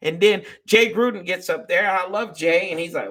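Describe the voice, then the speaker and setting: A man hosting a sports fan show delivers a fired-up, profanity-filled live-stream rant, addressing viewers as "y'all." His high voice has a sharp tone and a moderate pace.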